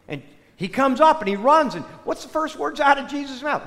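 A man preaching a sermon, telling stories in an animated way that swings between loud and soft. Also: sits high, fairly quick. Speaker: priest. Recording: long hall reverb.

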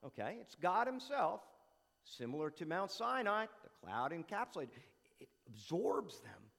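Male preacher, high voice, rhetorical and repetitive, conversational sermon, echoing hall. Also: unhurried, vocal fry. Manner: animated, asks rhetorical questions, repeats phrases for emphasis.

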